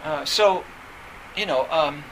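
A man giving a reflective talk on meditation, speaking haltingly with many pauses, fillers and restarts. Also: on the high side, a bit bright, a little hiss or hum, low-quality recording.

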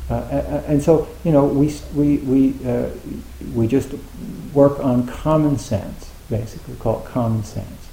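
Male Zen teacher, relaxed warm tone, chatty dharma talk with many fillers, echoey room. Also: medium pitch, normal speed, gravelly, slight background noise. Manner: conversational, acts out students' thoughts, many fillers.

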